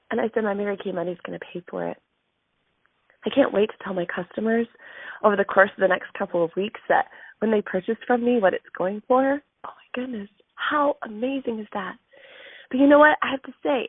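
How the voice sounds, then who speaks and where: Her voice a little high, a sales team leader in her thirties shares an emotional, heartfelt story as part of a motivational weekly message, filling it with ums. There's no echo, though the audio sounds tinny, like a phone line.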